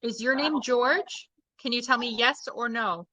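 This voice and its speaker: A woman's voice: fairly high pitch, measured pace, pushed and bright, no echo, poor audio. A woman hosting a live-stream seance, hesitant at times and repeating aloud what she says she hears. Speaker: host leading a live seance.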